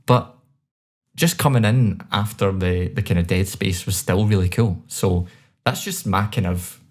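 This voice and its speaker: A man with a Scottish accent co-hosting a podcast, reviewing songs in a relaxed, chatty way with many fillers. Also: low-pitched, measured pace. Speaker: podcast co-host. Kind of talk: casual chat.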